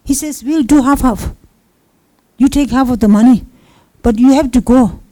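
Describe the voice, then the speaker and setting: A woman with a fairly high, mellow voice speaks at a normal pace in a low-quality recording with no echo. She's giving a Buddhist teaching talk, sharing personal stories in simple non-native English and acting out the quoted dialogue.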